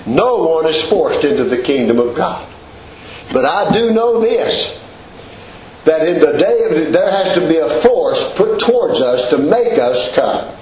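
Male preacher, high animated delivery, roomy church sound. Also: measured pace, lo-fi sound, a little hiss or hum. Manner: impassioned, repeating phrases with rising pitch. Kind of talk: sermon.

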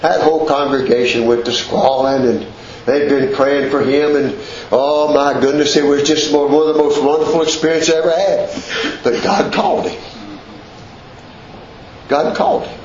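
A man's voice: on the high side, normal speed, reverberant, highs cut off, slight background noise. A man preaching a sermon in a church, repeating phrases with rising emphasis.

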